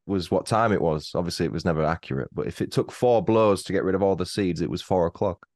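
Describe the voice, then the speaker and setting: A man's voice: sits low, fast talker, hardly any pauses, a little mellow, no room sound, studio quality. A British man in his thirties, a podcast guest, bantering crudely and teasing in casual chat. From England. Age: 30s.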